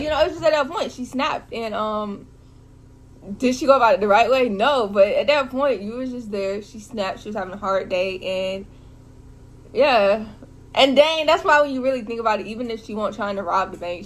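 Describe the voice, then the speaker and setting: Young woman vlogger doing a movie recap, kinda high voice, super slangy and emotional. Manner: animated, slangy, emotional talk full of "like" and "bro". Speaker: vlogger reviewing a film. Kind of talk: casual recap vlog.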